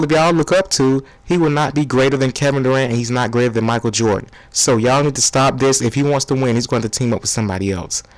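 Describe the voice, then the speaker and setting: A man's voice: medium pitch, dry recording, close to an everyday voice, rough recording. A man putting on an exasperated, profane sports TV pundit who scoffs at his co-host, in a comedy spoof of a sports debate show.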